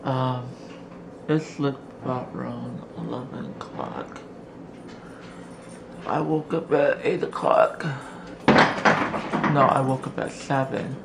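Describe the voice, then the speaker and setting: Man, gravelly voice, slow and rambling, home vlog, noisy camera audio, keeps breaking off to coax his dog in a high voice. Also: fairly even intonation. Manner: talks to his dog in a high coaxing voice between rambling updates. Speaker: vlogger. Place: home indoors. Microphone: handheld camera.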